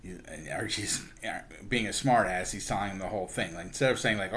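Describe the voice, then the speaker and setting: A man's voice: deep voice, brisk, few pauses, fairly bright tone. A man casually retelling a comic book story, acting out the characters' lines with a chuckle here and there. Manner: chatty, acts out characters with lots of "he's like"; chuckles while telling. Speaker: book reviewer.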